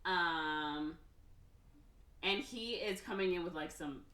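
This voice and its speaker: Woman podcast host, casual and animated plot recapper, low-ish voice, roomy sound a little away from the mic. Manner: animated retelling with quick voices for characters. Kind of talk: casual chat. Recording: echoey room, somewhat far from mic.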